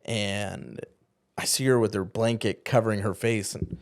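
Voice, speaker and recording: A podcast co-host and former youth pastor, his voice on the low side with fairly even intonation, relates a painful personal story. He speaks earnestly in a halting manner, often trailing off into quiet.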